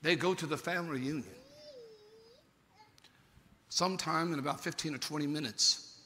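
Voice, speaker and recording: Theatrical preacher with a bright, piercing voice. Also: male voice, moderate pace, a little hiss or hum. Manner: theatrical, swings from shouted peaks to hushed lows. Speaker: pastor. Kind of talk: dramatic sermon storytelling. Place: large church sanctuary. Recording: long hall reverb from a church service.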